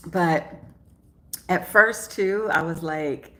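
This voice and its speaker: A woman's voice: fairly low pitch, lively intonation, slow pace, fairly bright tone. A woman vlogger chatting casually to camera at home in the morning, rambling and often laughing. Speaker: travel vlogger.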